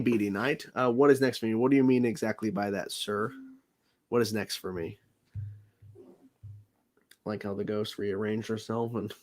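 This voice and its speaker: A man hosting a livestream, chatting casually with viewers, laughing often and rambling with restarts and fillers. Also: mid-range voice. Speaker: livestream host.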